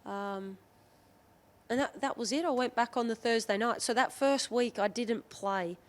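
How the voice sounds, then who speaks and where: A woman's voice: a little high, a little slow. An Australian woman in her thirties, a rugby league player, telling candid stories as a podcast guest, often quoting what others said. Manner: candid, chatty, lively retelling with quoted dialogue. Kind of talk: podcast interview storytelling.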